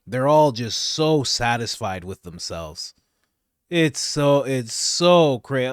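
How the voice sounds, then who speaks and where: A man's voice: medium pitch, no room sound, clean studio sound. A man hosting a commentary channel, reacting to clips with frequent laughter and mocking disbelief. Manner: laughing often, incredulous and mocking.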